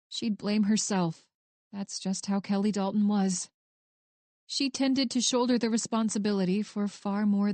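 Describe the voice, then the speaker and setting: A woman narrating a romance audiobook in an even, measured storytelling voice. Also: mid-range voice, no echo.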